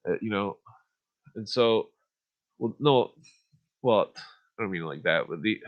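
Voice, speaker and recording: A male podcast host talks in a blunt, profane, rambling way, full of fillers and restarts, then reads passages aloud. His voice sits at an ordinary middle pitch. The sound is a little dull and lo-fi, like a home livestream. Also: lively intonation, unhurried. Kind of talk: casual ranting and reading aloud.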